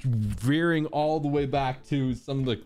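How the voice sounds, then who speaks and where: A man's voice: mid-range voice, unhurried, a little mellow, faint music behind. Easygoing man hosting a podcast. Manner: easygoing, rambling questions with fillers. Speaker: podcast host. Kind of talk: casual podcast interview.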